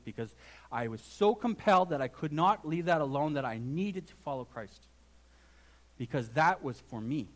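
A man's voice: fairly high pitch, expressive, normal speed. A man preaching a sermon with earnest emphasis, now and then restarting his phrases as he builds his point. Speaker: pastor.

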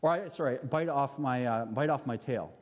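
A man's voice: medium pitch, normal speed, pitched below the performer's own voice, natural voice. Man doing a cheeky little monkey. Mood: bargaining. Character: cheeky little male monkey, playful and disobedient. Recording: long hall reverb.

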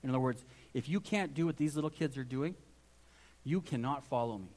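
A man preaching a sermon from the pulpit. His tone is earnest and emphatic, and he often stops to restart a phrase. His pitch sits in the middle of the range. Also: fairly quick, a little mellow. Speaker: pastor.

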